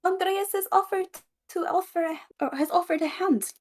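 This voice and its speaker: A woman voicing a chirpy, very high adventurer. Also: normal speed. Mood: cheerful. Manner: chirpy, excitable. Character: bubbly, upbeat adventurer. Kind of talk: tabletop role-play.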